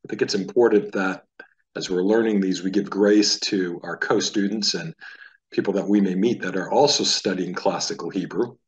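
An American man gives a casual Hebrew lesson, chatting in a relaxed way and sounding out letters aloud. His voice is deep, and the recording is distant and of poor quality.

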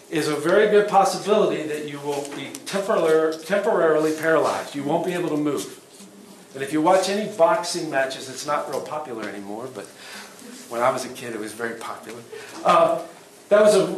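A middle-aged man teaching a self-defense workshop, plain and practical, asking the class quick questions. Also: a little high. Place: event hall. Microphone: distant room mic. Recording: echoey hall from far off, faint noise.

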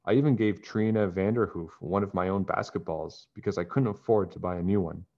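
A man voicing a guilty young boy, sheepish and eager to explain himself. The lines rise above a low, deep reading voice. The sound is dull and lo-fi. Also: steady tone, fairly quick. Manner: sheepish, confessing.

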